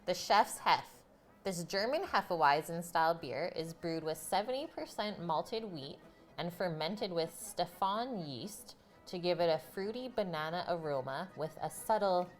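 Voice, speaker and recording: Woman host, casual kitchen stream, relaxed slow patter to chat, soft music underneath. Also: fairly low pitch. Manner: chatty, giggly, talks to chat viewers. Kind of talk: casual live-stream chat while cooking. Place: home kitchen.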